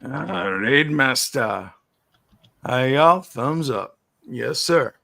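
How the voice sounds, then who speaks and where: A man co-hosts a laid-back live stream, giving brief friendly replies and greeting viewers from the chat. He is losing his voice, which comes out gravelly. His pitch moves around a lot as he talks. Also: expressive, very slow, sharp tone. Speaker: co-host.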